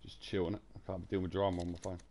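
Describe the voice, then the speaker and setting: A man talks on a live stream at a rapid clip. His voice is gravelly with a lot of fry. His chat is blunt, slangy and laced with swearing. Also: deep voice, flat delivery, warm tone, a little hiss or hum.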